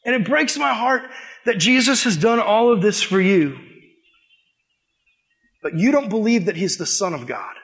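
High-voiced man preaching a story-driven sermon. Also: moderate pace, pauses often. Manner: animated storytelling, acting out dialogue. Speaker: youth pastor.

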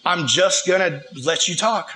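A man's voice: high-pitched, measured pace, sharp tone, roomy sound, slight background noise, rough recording. A man voicing an irritable ancient king who gives blunt, impatient orders.

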